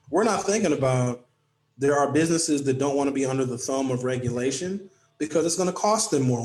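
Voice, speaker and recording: A man's voice: medium pitch, a little mellow, roomy sound. A man hosting his own political talk show, delivering an impassioned, preachy monologue with sarcastic asides.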